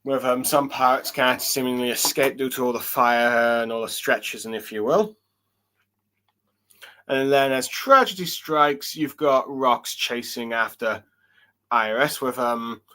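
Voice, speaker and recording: Male manga reviewer, mid-pitched, halting and casual, lots of "um"s. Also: sharp tone. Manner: hesitant, many fillers and restarts while reading along. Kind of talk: casual solo chapter review.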